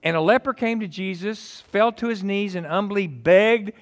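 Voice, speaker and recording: A man's voice: high-pitched, normal speed, few pauses. A man preaching a casual, joking sermon and telling stories in a conversational way.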